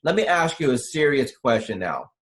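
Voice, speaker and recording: Male host interviewing clients with measured, leading questions. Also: mid-range voice, sing-song.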